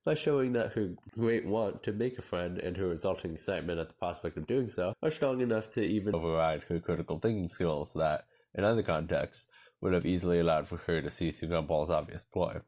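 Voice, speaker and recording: A young man with a deep, low voice reads a scripted video essay. His delivery is measured and analytical, moving steadily through each point. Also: a little mellow. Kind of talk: scripted narration.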